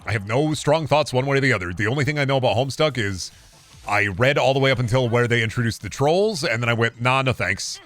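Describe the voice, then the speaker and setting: A man's voice: mid-range voice, fast talker, a bit bright, soft background music. A male streamer in casual live-stream chat, ranting sarcastically and swearing.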